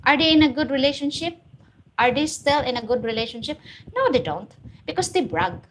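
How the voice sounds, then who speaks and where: Filipina lady on a live stream reading comments, straight-talking and a bit preachy, kinda high voice. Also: expressive, a little fast, slight background noise. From Philippines. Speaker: host. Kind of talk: live stream chat, answering viewer comments.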